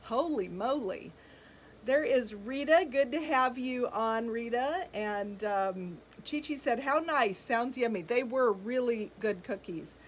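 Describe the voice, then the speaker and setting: A woman's voice: a little high, expressive, slow pace, slight background noise. A middle-aged woman hosts a live shopping stream, chatting casually, greeting viewers by name and reading their comments with frequent ums and laughs. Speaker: boutique live-sale host.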